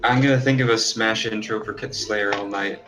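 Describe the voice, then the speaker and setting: A man in a tabletop session chimes in with dry, terse remarks during casual voice-chat banter. His tone is bright and forceful, and faint music sits behind him. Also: on the low side, fairly even intonation, normal speed. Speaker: player.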